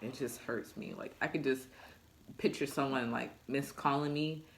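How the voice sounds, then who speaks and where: A young woman, a new mother, chatting casually in a vlog with a deep, low voice, laughing often as she talks. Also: fairly even intonation, moderate pace. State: recovering after childbirth.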